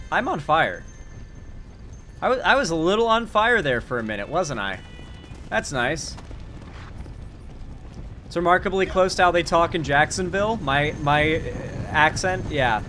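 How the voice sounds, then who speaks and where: A man's voice: a little high, sharp tone. A man with a Florida accent chatting casually and swearing while he plays a game and talks politics. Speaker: streamer and political commentator. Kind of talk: casual commentary while gaming.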